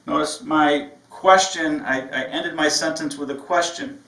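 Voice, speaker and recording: A man's voice: a little high, measured pace, sharp tone. A man who owns a business, giving an upbeat, conversational training lecture to his staff and often checking "right?". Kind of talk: training lecture with phone role-play. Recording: echoey room, mic far off.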